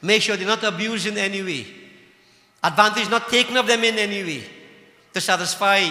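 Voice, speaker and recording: A man preaches to his devotees in a high, very bright voice, scolding and impassioned, firing off rhetorical questions. His sermon rings through a roomy temple hall with a long reverb tail. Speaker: religious leader addressing devotees.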